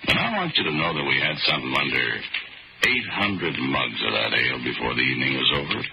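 A man's voice: extremely low pitch, animated, a little fast, gravelly, very noisy. A man narrating a radio drama in a wry, folksy storytelling manner. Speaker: narrator and lead character. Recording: old radio recording with loud music.

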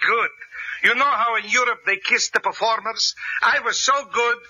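An actor playing a boastful, joking male piano teacher in a radio comedy, delivering punchlines slowly. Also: extremely high pitch, steady tone, pushed and bright, husky, heavily acted. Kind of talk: 1940s radio comedy acting. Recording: muffled old radio recording with hiss.

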